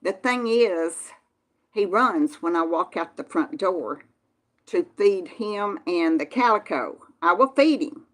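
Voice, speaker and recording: A woman's voice: fairly low pitch, animated, takes it slowly. A woman from Texas with a Southern accent, casually chatting with viewers on a live stream in a folksy manner. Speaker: channel host reading live chat.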